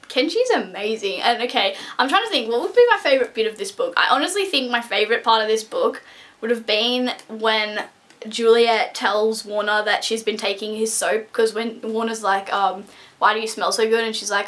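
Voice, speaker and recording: A woman's voice: on the high side, normal speed, fairly bright tone. A young woman gushing and rambling through a casual book review vlog, full of restarts and fillers.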